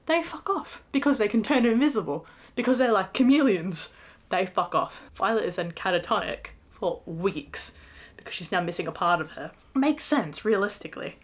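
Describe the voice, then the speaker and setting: A young woman reviewing a book in a casual rant, exasperated and sarcastic, swearing freely. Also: mid-range voice.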